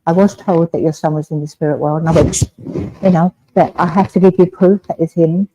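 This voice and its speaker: An English woman giving a mediumship demonstration in a village hall, talking gently and reassuringly and often checking in with "all right?". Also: low-pitched, fairly even intonation, brisk, background noise.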